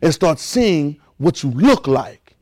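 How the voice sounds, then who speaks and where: A man's voice: fairly high pitch, big pitch swings, takes it slowly, a little mellow, rough recording. A man preaching a sermon, repeating phrases and leading his congregation in call and response.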